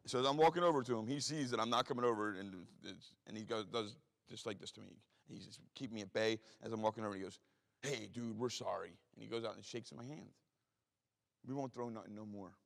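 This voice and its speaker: A middle-aged man tells a story to an audience at a quick clip. He is blunt and profane and acts out the people in it. His voice rings with the long reverb of a big hall. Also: fairly low pitch, gravelly. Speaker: guest speaker.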